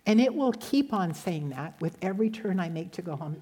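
Soft-voiced woman giving a devotional. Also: fairly low pitch, expressive, a little fast, hardly any pauses, slightly rough. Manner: gentle storytelling, ends in prayer. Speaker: speaker giving a devotional talk. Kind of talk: devotional sermon.

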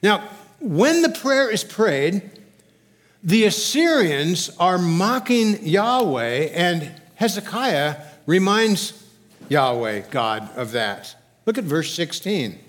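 A male pastor delivers a sermon in a church, his voice sitting a little higher than most men's. He reads scripture with rising, emphatic force and drops low for quieter stretches. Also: slow. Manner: expressive preaching, rising and loud when reading scripture aloud. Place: church sanctuary.

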